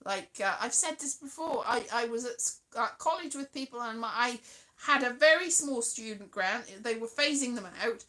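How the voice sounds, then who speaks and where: A woman's voice: fairly high pitch, lively intonation, normal speed, pushed and bright. A British woman in her forties, hosting a livestream and telling rambling, chatty stories to her viewers. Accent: British English. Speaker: livestream host. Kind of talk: casual chat with live viewers.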